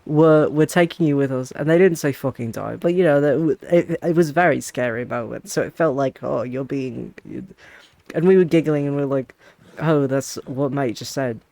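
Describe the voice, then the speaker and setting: Gravelly man rambling through a story. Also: mid-range voice, normal speed, darkish tone, no echo. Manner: rambling storytelling with restarts and giggles. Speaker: streamer. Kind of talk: casual game-stream chat.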